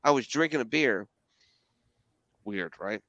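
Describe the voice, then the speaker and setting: A middle-aged man hosting a podcast, telling stories in casual, profane, animated chat. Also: mid-range voice, a little slow, dry recording, muffled recording. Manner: animated storytelling with profanity and laughter. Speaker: podcast host.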